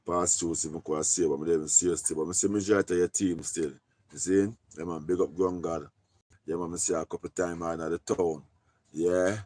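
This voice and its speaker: A Jamaican man with a low-sitting voice talks casually on a live stream, giving shout-outs in loose patois and repeating his catchphrases.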